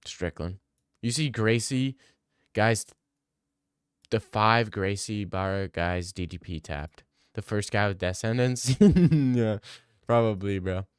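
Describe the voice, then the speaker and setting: A man's voice: fairly low pitch, takes it slowly, clean tone, no room sound, clean studio sound. A man hosting a casual livestream Q&A, arguing bluntly with chat and swearing freely. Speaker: livestream host answering chat.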